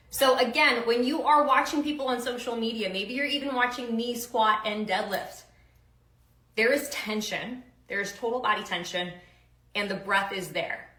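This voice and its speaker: A woman's voice: a little high, bright, forceful tone, echoey room, rough recording. A woman strength coach giving upbeat, casual instructions with slang and countdowns for kettlebell lifts.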